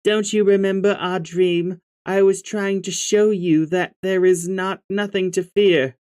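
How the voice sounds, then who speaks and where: A man's voice: sits high, steady tone, unhurried, darkish tone, clean tone, voice pushed up. A man voicing a cheerful alien girl in a put-on British accent, breezy and slightly posh. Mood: explaining.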